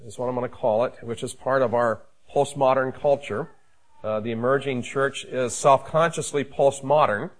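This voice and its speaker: A man, a pastor, preaching a sermon in a measured, emphatic way with frequent fillers. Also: medium pitch, low-quality recording.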